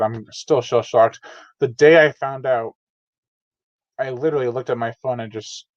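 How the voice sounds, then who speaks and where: A man hosts a live unboxing stream, talking loosely and filling pauses with "uh" and "um" as he reads chat. His voice is of middle pitch and sounds dull and lo-fi. The room around him is dry, with no echo. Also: a little mellow. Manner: casual, rambling, many fillers. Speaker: channel host. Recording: dull, lo-fi dry home mic.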